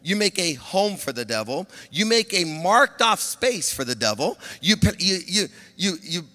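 A male pastor delivering a sermon, who swings between shouting exhortation and soft, low confiding talk. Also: very animated, measured pace. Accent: Southern Californian. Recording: long church-hall reverb.

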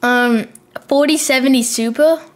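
Laid-back young woman streamer, high-pitched. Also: measured pace. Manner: offhand, laid-back, slangy. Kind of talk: casual gaming chat.

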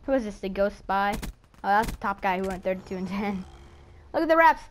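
With a medium-pitched voice running a little fast, a YouTuber narrates a match live, chatty and hyped, speaking to enemies onscreen and yelling when spooked. There is slight background noise.

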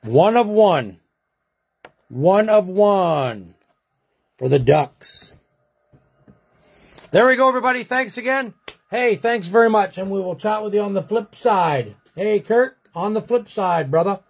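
A man's voice: high-pitched, lively intonation, moderate pace, slightly rough. A man hosting a sports card break, chatting folksily to viewers as he rolls dice and calls out teams. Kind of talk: casual live card break commentary.

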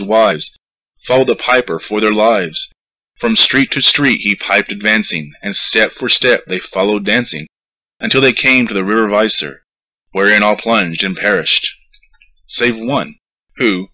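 A man reciting a narrative poem with a rhythmic, lively storytelling delivery. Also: on the low side, rough recording. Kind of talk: poetry recitation.

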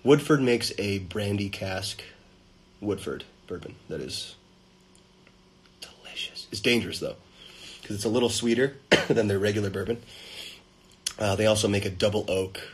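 A man hosting a casual livestream, reading fan comments aloud and greeting viewers in playful, sudden loud bursts into a phone held at arm's length. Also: on the low side, animated, moderate pace, long pauses, husky, rough recording.

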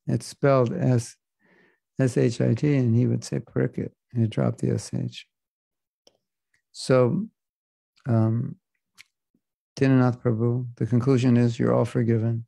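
A man teaching a scripture class in a gravelly, mellow voice. He talks in a loose, joking way and drifts off on side remarks. The sound is dry and close. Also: medium pitch, little pitch movement, unhurried, pauses often, dry recording. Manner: casual, joking, digressive. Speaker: spiritual teacher. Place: class in Florida.

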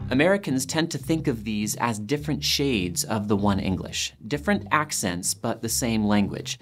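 A man presenting a documentary, narrating a script in a lively, lightly playful way. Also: medium pitch, normal speed, soft background music.

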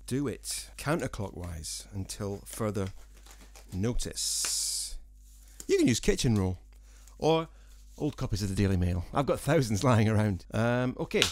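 A singer-songwriter from Scotland, his Scottish accent softened by years in England, rambling to viewers in a casual vlog with dry, self-mocking jokes. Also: lowish voice. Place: small room at home, with a fan.

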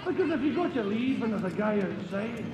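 A man's voice: high-pitched, fairly quick, crowd noise, noisy background. A man with a Glaswegian accent telling comic stories on stage, acting out characters. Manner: animated, switching voices for characters. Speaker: comedian on archive recordings. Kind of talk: stand-up storytelling.

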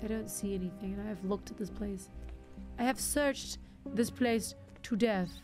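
A woman's voice: medium pitch, moderate pace, a little mellow, faint music behind. A woman streaming a game live, chatting casually to herself and her viewers, joking and teasing as she plays. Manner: chatty, talks to herself and chat, jokes with viewers. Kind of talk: casual gaming commentary. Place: home streaming setup.

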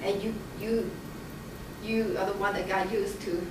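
Animated woman telling a testimony, echoey room. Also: medium pitch, unhurried. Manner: animated storytelling, acting out quoted voices. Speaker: Bible study member sharing a testimony. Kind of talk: casual personal testimony. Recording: echoey room, far from the mic, noisy.

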